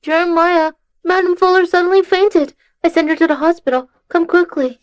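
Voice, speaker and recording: A woman's voice: very high-pitched, fairly even intonation, moderate pace, lo-fi sound. An actress voicing a scheming young woman who chases a rich man, in a dubbed drama, pleading and manipulative. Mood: urgent. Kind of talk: dubbed short-drama acting.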